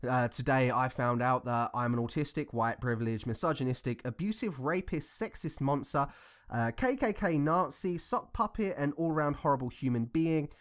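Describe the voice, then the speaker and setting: A man's voice: medium pitch, moderate pace, clean tone. A man giving casual, rambling commentary, telling anecdotes in a blunt, profane, conversational way. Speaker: commentary vlogger.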